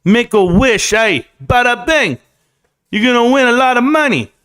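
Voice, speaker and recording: A man hams up a loud, swaggering New York wise guy, pitched up higher than his usual voice, all streetwise slang and bragging in a put-on New York accent. It is a quick comic impression tossed off mid-livestream. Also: expressive, smooth. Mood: boastful.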